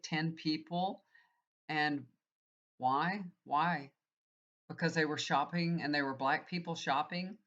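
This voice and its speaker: A woman's voice: low-pitched, fairly bright tone. Earnest rambling woman, dull lo-fi sound. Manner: rambling, earnest, many fillers. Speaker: tarot reader and healer. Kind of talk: casual spiritual monologue.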